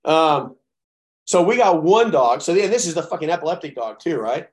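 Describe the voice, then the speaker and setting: A man coaching chiropractors in a blunt, profane, animated way, telling stories. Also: on the high side, normal speed. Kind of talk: profane coaching talk on a call.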